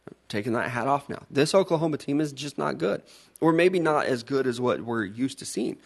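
Give me a man with a husky voice co-hosting a casual sports podcast, teasing and laughing. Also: mid-range voice, expressive, fairly quick. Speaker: podcast co-host. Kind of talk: casual sports betting chat.

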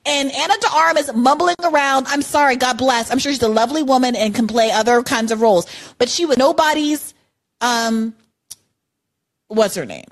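A woman's voice: sits high, normal speed. A woman co-hosting a podcast in casual chat, opinionated and emphatic, with many "like"s and apologies. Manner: opinionated, emphatic, lots of "like" and "I'm sorry". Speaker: podcast co-host. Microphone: podcast mic.

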